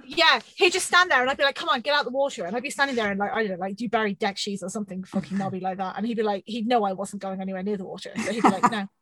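A woman in her thirties telling a funny story on a podcast, animated and self-mocking, swearing often. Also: medium pitch, rapid-fire, hardly any pauses, dry recording, poor audio. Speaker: podcast co-host. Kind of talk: casual storytelling chat.

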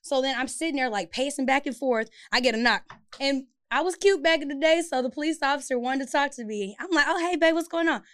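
A young woman with a slightly high voice tells a story on a casual chat podcast. She is animated and profane, and breaks into loud outbursts now and then. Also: quick pace. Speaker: podcast co-host.

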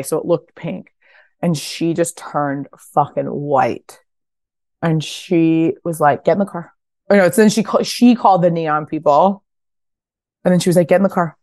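A woman in her thirties with a notably low voice tells stories on a podcast. She talks casually, drops the odd swear, and lifts into high voices to act out quotes. The sound is close and dry. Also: a little mellow, no echo. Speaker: guest, fashion brand founder. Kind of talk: casual interview storytelling.

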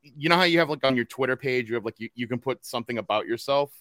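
A man's voice: mid-range voice, quick pace, a bit bright, no echo, studio quality. A man with a Boston accent hosting a casual podcast, rambling through fillers and restarted sentences. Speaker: podcast host.

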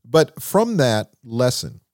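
A man telling stories as an interview guest in a recording studio, animated and acting out what people said. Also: slow pace, dry recording. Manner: animated, acts out quotes with lively pitch. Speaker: songwriter and producer, interview guest. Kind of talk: conversational storytelling.

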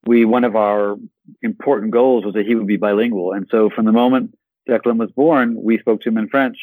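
A man being interviewed as an actor guest on a podcast, talking in an enthusiastic, animated way and often repeating words. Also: fairly low pitch, no echo, rough recording.

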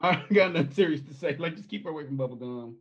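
A man with a slightly high, husky voice tells a loose, rambling family story as a podcast guest. He fills his talk with casual asides. The audio is slightly muffled. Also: very fast. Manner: rambling, animated storyteller with many fillers.

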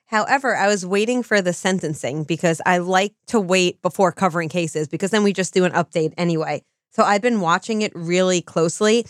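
A woman co-hosting a true-crime podcast, explaining things in a measured, casual way. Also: lowish voice, dry recording, clean studio sound. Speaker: podcast co-host.

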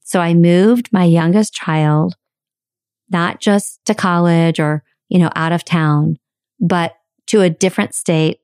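A woman in her forties, a podcast host and life coach, telling a personal story in a candid, animated way with casual swearing. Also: on the low side, takes it slowly, clear, resonant tone, no room sound, clean studio sound. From United States.

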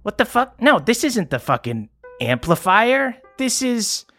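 A man's voice: lively intonation, measured pace, gravelly, pushed and bright, soft background music, full character voice. A man voicing a foul-mouthed, frazzled woman inventor in a tabletop role-play, talking in a flustered ramble. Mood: irritated. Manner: high-pitched, cursing, flustered rambling.

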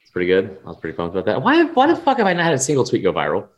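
A young man with a fairly low voice chats loosely on a sports podcast. He rambles and swears, restarting his sentences and filling gaps with "like" and "um." His energy swings up when something excites him. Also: very fast, lo-fi sound. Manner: rambling, profane, lots of restarts and fillers. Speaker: podcast co-host. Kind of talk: casual sports betting chat.

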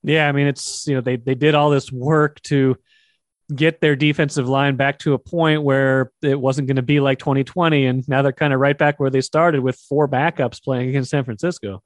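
A man hosting a sports talk show, asking his guest questions and then reading out statistics in a plain, steady way. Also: mid-range voice, normal speed, no room sound, clean studio sound.

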